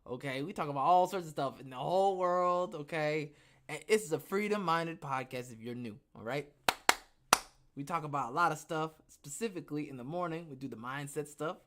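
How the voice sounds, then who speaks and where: A man with a somewhat high voice hosts a casual podcast livestream from home, still winded and short of breath. He rambles, talks to himself, and chuckles at his own jokes. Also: fairly quick, a bit bright. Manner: rambling, self-talking, laughs at himself. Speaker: podcast host.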